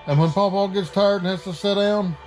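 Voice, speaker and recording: A man's voice: high-pitched, steady tone, fairly quick, darkish tone, faint music behind. A man talking to his little son at home, doting and coaxing in a folksy way. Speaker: vlogger, father. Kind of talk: casual family vlog.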